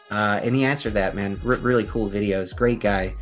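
A man with a fairly low voice reads an old magazine article aloud, then drifts into easygoing, chatty remarks of his own. Soft music plays faintly underneath. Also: animated, normal speed. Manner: laid-back, chatty asides between read passages. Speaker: video host. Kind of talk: reading a magazine article aloud with casual commentary.

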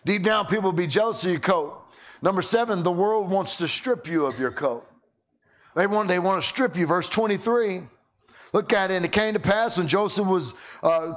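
A high-voiced man preaching in an animated, storytelling way. He keeps stumbling over the first words of his sentences and repeating them as he builds his point. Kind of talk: sermon with storytelling.

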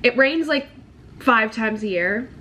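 A young woman chatting straight to her camera in a relaxed vlog, her voice sitting a little on the high side. She talks candidly and loosely, scattering "like" through her sentences as if talking with a friend. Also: measured pace, a little hiss or hum. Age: young adult. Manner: chatty, lots of "like" fillers, candid. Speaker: vlogger. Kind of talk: casual vlog chat to camera.

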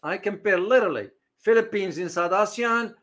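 A man hosting a live commentary stream, his voice bright and a touch high. He speaks off the cuff with plenty of "uh"s and restarts, and he often stops to answer viewers' comments in the chat. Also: moderate pace. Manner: reads out chat comments, rambling with many fillers. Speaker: host of a live geopolitics stream.

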